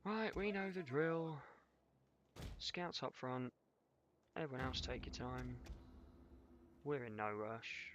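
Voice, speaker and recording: A man's voice: mid-range voice, slow pace, long pauses, a bit bright, dull audio. Guy streaming a strategy game, chatty, swears a lot, talks his moves through. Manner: casual, swears, jokes with chat. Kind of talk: live gameplay commentary.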